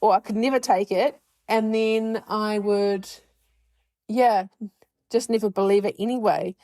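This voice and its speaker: A woman's voice: medium pitch, fairly even intonation, a little slow, warm tone, dry recording. A woman in her forties hosting a podcast, talking candidly and bluntly about her own life, swearing freely and laughing often. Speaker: podcast host. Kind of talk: candid personal monologue.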